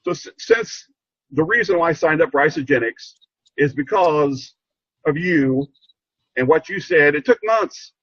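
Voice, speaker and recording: An older man with a husky, fairly high voice tells his story in an earnest, halting way, circling back over his words. The audio is dull and lo-fi, with a dry, close sound. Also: animated, fairly bright tone, dry recording. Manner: earnest, halting, repeats himself. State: emotional, choked up. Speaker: program participant sharing a story. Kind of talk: heartfelt rambling testimony.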